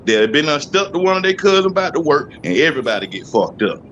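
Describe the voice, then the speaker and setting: A man in casual chat, giving laid-back, profane commentary in drawn-out sentences. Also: on the high side, big pitch swings, fairly bright tone, muffled recording, a little hiss or hum.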